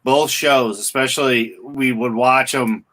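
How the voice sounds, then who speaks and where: A man's voice: medium pitch, steady tone, a little slow, a bit bright. A man chatting casually and agreeably with a friend. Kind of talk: casual chat.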